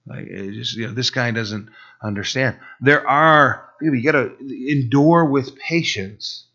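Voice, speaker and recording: A middle-aged man preaching in a casual, storytelling way, animated and acting out what people said, with many restarts. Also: mid-range voice, takes it slowly. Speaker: pastor. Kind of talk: conversational sermon with personal story. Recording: dull, slightly lo-fi sound.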